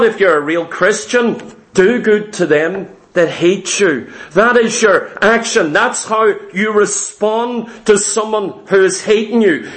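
High-voiced man preaching emphatically. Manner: emphatic, repeats lines and fires rhetorical questions at the congregation. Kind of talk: sermon. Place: church service in the morning.

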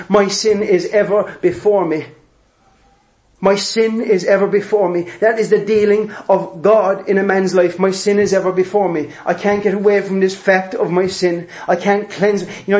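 Male preacher, higher register, emphatic, repetitive sermon delivery. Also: a little mellow. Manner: emphatic, repeats phrases, acts out quoted voices. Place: church hall with congregation.

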